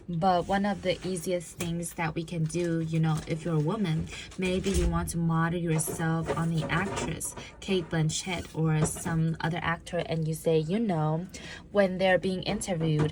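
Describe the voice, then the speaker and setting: A woman's voice: on the low side, darkish tone, slight background noise. A woman who once worked in law enforcement gives a talk on body language, acting out examples and leading the audience through drills. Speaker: public speaker on body language; former law enforcement officer.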